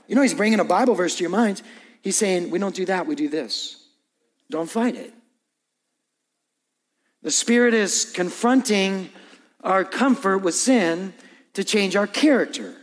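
High-voiced preacher in a reverberant hall. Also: male voice. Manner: conversational preaching with acted inner voices. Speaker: pastor. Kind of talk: sermon.

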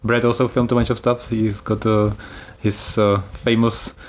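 A man's voice: fairly low pitch, little pitch movement, moderate pace. A man hosting a casual travel podcast, explaining things in a chatty way and laughing easily. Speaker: podcast host.

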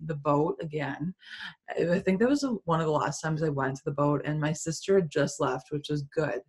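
Young woman, podcast co-host, casual chat, low voice, husky, blunt. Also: a little fast, a little mellow. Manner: blunt, swears freely, laughs often.

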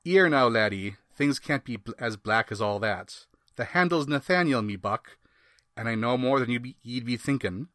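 A man's voice: mid-range voice, normal speed, no echo, studio quality, natural voice. A man reading the lines of a drunken, kindly old Irish harbor man without putting on an accent. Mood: consoling. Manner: reads the lines flatly, no accent.

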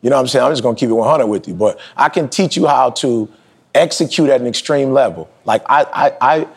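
A man in his forties, a podcast host, giving a motivational talk in emphatic, slangy street speech that leaps high in pitch when he presses a point. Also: fairly quick, creaky, breathy edge. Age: 40s.

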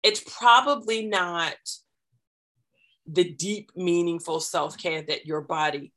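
A woman guest on a podcast explaining parenting and self-care ideas in a measured, deliberate way, building each point step by step. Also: fairly low pitch, a bit bright. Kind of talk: explanatory conversational advice.

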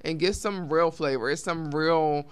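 A woman's voice: low-pitched, unhurried, smooth, dry recording. A woman from Colorado hosting a talk show, closing it with casual announcements and emphatic, repeated appeals to listeners. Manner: emphatic and repetitive, addresses listeners as y'all.

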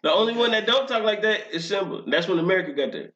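A young man in casual chat, animated and profane, often breaking into laughter. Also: high-pitched, fast. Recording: roomy, slightly dull lo-fi sound.

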